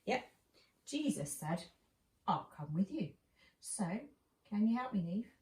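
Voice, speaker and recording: Animated woman telling a children's Bible story. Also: medium pitch, unhurried. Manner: animated, asks children questions, acts out lines. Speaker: children's church leader. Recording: roomy and distant with faint noise.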